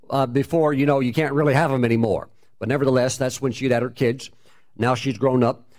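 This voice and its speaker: A man's voice: medium pitch, darkish tone. A man telling a personal testimony in a conversational way, with many fillers and restarts.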